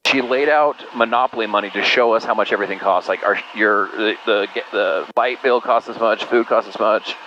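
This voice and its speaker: A man's voice: fairly low pitch, a little fast, few pauses, pushed and bright, dull audio. Candid man telling stories, faint hum. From Utah. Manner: candid, rambling, says "dude" and "you know" often. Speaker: podcast guest. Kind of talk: casual conversational storytelling.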